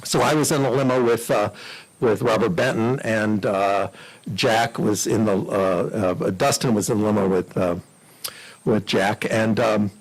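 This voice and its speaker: An older man with a husky voice spins easygoing anecdotes for a club audience. He talks in a chatty, animated way and slips into the voices of the people in his stories. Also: fairly low pitch, rough recording. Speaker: guest speaker at a club meeting. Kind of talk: anecdotal storytelling talk.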